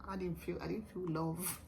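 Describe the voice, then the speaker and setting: A young woman vlogger telling her own story in a casual, animated way, often laughing. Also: on the low side, normal speed, vocal fry, a little hiss or hum, low-quality recording.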